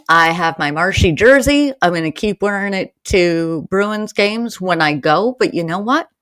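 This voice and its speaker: A woman from Maine hosts her own podcast in a loose, rambling chat, speaking directly to the listener and turning heated and exasperated when she rants. Her voice sits fairly low and moves at an unhurried, drawn-out pace. The recording is dry and close, with no room sound around it. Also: no room sound. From Maine, USA. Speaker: podcast host. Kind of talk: casual solo podcast chat.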